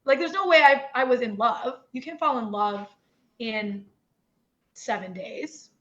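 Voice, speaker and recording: A woman's voice: a little high, a little slow, a bit bright. A young woman from Newfoundland with a Newfoundland accent, talking candidly and animatedly as an interview guest, full of "like" and "you know". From Newfoundland, Canada. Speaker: podcast guest. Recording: dull lo-fi audio.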